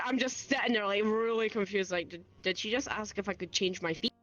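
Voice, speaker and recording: A young Scottish woman, a guest on a casual interview show, telling stories in a giggly, animated way and acting out the people she quotes. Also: medium pitch, a little fast, hardly any pauses, faint music behind. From Scotland. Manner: giggly, animated storyteller, acts out quoted voices. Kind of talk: casual chat.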